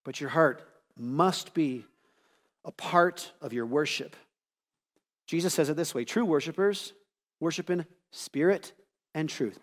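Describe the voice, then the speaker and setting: Man preaching, somewhat high voice, animated conversational delivery, long church-hall reverb. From United States. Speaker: pastor. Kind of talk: sermon.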